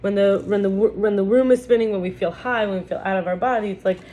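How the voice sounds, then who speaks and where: Heard through phone-quality sound, a woman teacher talks quickly in a steady, medium-pitched voice during a casual spiritual teaching session. She reads from a book and chats, restarting frequently.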